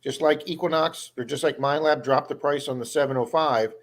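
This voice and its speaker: Hosting a relaxed live stream, a metal detectorist spins long, rambling stories and impersonates the people he has met. His voice is fairly high and he talks a little fast.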